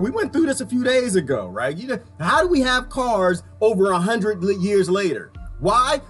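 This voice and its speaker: Repeating rhetorical questions again and again, a high-voiced man delivers animated, preachy reaction commentary in a casual tone.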